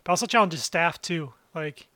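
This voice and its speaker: A man's voice: a little high, normal speed, sharp tone, dry recording. Upbeat young man, dry close sound. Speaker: podcast co-host. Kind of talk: casual chat.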